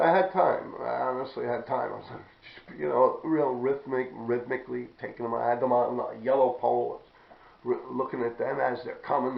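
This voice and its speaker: A man casually telling rough, profane stories, rambling and often clearing his throat. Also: mid-range voice. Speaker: graffiti writer telling stories. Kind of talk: casual storytelling. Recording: roomy, dull lo-fi recording.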